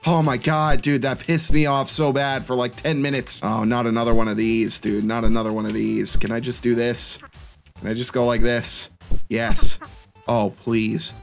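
A man's voice: mid-range voice, steady tone, normal speed, creaky, faint music behind. A young man giving let's-play commentary, muttering in frustration at a hard game and saying "dude" a lot. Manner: says "dude" constantly. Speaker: gaming YouTuber.

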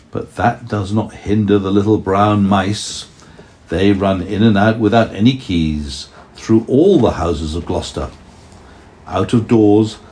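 A man reading a storybook aloud to his young child at home, gently pausing to ask questions. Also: low-pitched, slight background noise. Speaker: parent telling a story to a toddler.

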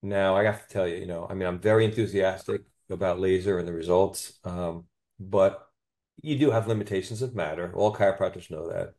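A man with a fairly low, gravelly voice recounts a patient story as a podcast guest. He sounds enthusiastic and keeps checking in with "you know" and "okay?" as he tells it. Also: steady tone, a little fast, darkish tone. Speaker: chiropractor guest.

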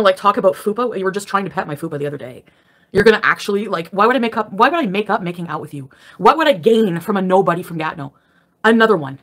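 A woman ranting sarcastically and profanely during a casual livestream from her bed at home. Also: mid-range voice. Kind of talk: angry casual livestream rant.

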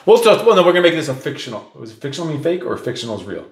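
A man's voice: on the high side, very animated, very fast, roomy sound. A man hosting a casual podcast, telling a rambling joking story and teasing his co-hosts. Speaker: podcast host. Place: small home studio.

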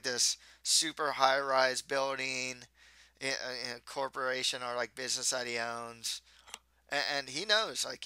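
A man's voice: medium pitch, bright, forceful tone, smooth, no room sound. A man giving a casual, rambling spoken movie review, often restarting his sentences. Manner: rambling, with frequent restarts and stumbles.

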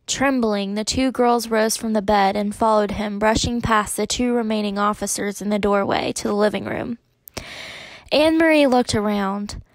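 A woman teacher reads a chapter book aloud in a fairly high voice, shifting it lightly for the characters. The sound is dry and close, with no room echo. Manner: gives the characters small voice shifts, mostly in her own voice. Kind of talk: read-aloud storytelling.

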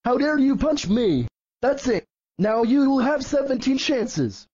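A man doing a shrill, fed-up cartoon dinosaur who scolds in a high, jumpy voice and keeps hammering the same threats over and over. The sound is bone-dry and close, as if from a computer voice. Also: very animated, unhurried, a little mellow, husky, no echo, muffled recording, exaggerated voice. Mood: scolding. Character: angry purple dinosaur, male, fed up.

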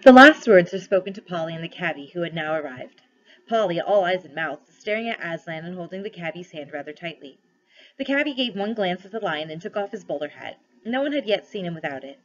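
A woman's voice: fairly low pitch, lively intonation. A woman teacher reading a novel aloud to her class, stopping to set questions. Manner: storytelling read-aloud with pauses for questions. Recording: dull lo-fi recording.

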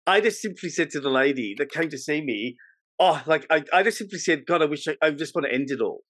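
A man hosting a podcast, asking probing questions in a lively, filler-heavy conversational way. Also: fairly high pitch, fast, no room sound, clean studio sound. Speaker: podcast host. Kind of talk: interview conversation.

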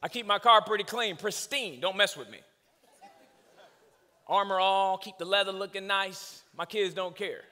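A man preaching a comedic sermon in a large church hall, telling animated stories about his kids with shouted punchlines. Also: high-pitched, moderate pace. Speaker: guest preacher. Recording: long hall reverb.

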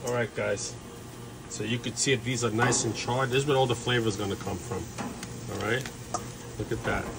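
A man giving a relaxed, chatty cooking demonstration, talking viewers through each step with lots of fillers and asides. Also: mid-range voice, fairly quick, vocal fry. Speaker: home cook showing a recipe. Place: kitchen, then an outdoor backyard grill. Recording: outdoor background noise.

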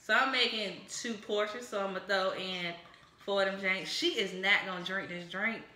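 Bright-voiced, rambling comedic woman host. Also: medium pitch, steady tone, moderate pace. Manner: exuberant, rambling, whooping. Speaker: comedy cocktail show host. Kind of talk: casual comedic chat while mixing drinks. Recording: echoey room.

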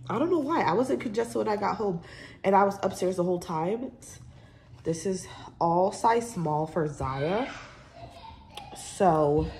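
A woman's voice: on the low side, a little mellow. A young woman vlogger casually showing off a shopping haul, chatty and rambling with lots of fillers, sounding a bit congested. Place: home. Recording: noisy home recording.

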